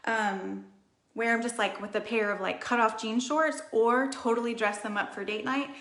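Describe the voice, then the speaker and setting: A woman in her thirties hosts a casual live makeup tutorial from a room in her home, rambling and chatty as she reads viewer comments aloud. Her voice sits on the high side, fairly bright, with a steady tone at normal speed, and the indoor room gives it a roomy echo.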